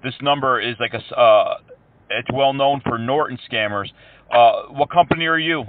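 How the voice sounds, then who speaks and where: A man calling scammers as a prank, talking calmly and mock-earnestly and throwing in broken Hindi words. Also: medium pitch, normal speed, no room sound. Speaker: prank caller and show host. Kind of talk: prank phone call to scammers. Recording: tinny phone line.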